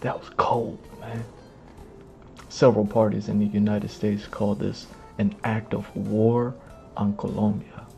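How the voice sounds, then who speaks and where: A man streaming live, giving loose slangy reaction commentary, excitable and often breaking into laughter. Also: on the low side, measured pace, vocal fry. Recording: muffled, with music behind.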